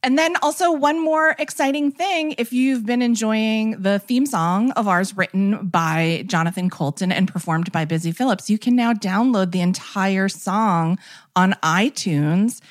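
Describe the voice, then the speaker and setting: A woman's voice: medium pitch, unhurried, dry recording, clean studio sound. A woman co-hosting a casual podcast chat, upbeat as she jokes and reads the show announcements. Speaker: podcast co-host.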